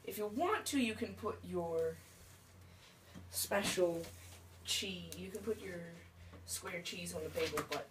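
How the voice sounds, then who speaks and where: Slow, halting woman far from the mic. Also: lowish voice, animated. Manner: hesitant, halting, with many restarts. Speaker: cooking show host. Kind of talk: casual home cooking video. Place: home kitchen. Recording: distant mic, noisy kitchen.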